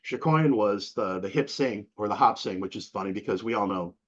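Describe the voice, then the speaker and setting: A middle-aged man from Massachusetts, an interview guest telling stories in a casual, animated way, acting out the people he quotes with big jumps in his voice. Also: fairly low pitch, brisk. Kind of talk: casual storytelling. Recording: dull lo-fi sound.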